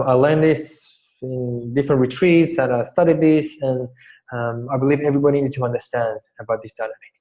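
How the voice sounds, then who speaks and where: In a lo-fi recording, a man with a mid-range, dark-toned voice coaches a workshop. He rambles, tells stories and explains things, restarting his sentences often as he teaches.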